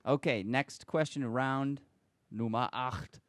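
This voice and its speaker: A man hosting a casual car podcast, running quick quiz rounds and joking with his panel. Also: medium pitch, no room sound.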